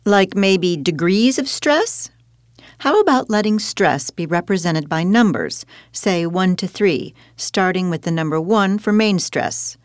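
A woman guides a scripted pronunciation lesson with encouraging questions. Her intonation is lively and expressive. The recording is dry and close. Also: on the low side, measured pace, dry recording. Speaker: teacher in a dialogue. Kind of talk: scripted teaching dialogue.

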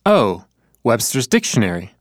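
A man acting as the learner in a scripted lesson dialogue, answering in a relaxed way with hesitations. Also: medium pitch, moderate pace, dry recording, studio quality. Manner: relaxed, thinks aloud with hesitations.

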